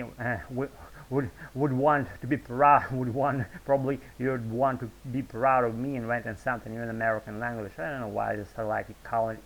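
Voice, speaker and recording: A man's voice: on the low side, vocal fry, fairly bright tone, rough recording. A man with a Russian accent, a video blogger talking off the cuff in a rambling, hesitant way, full of fillers and restarts, and he swears freely. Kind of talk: unscripted off-the-cuff monologue.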